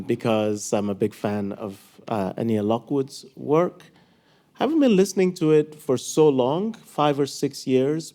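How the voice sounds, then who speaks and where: A man moderating a public conversation on stage, casual and self-deprecating, with many halting fillers. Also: medium pitch, mellow. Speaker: moderator, writer.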